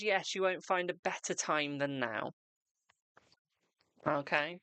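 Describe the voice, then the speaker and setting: A man's voice: a little high, bright, forceful tone, clean tone, no room sound. A man hosting a live tarot reading stream, chatting casually with viewers and calling them darling and boo.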